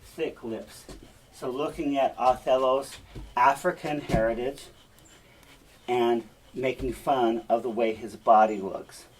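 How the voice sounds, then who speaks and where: A man's voice: medium pitch, fairly even intonation, a little slow, slightly rough. A male teacher giving a classroom lecture. He explains step by step and often checks in with the class.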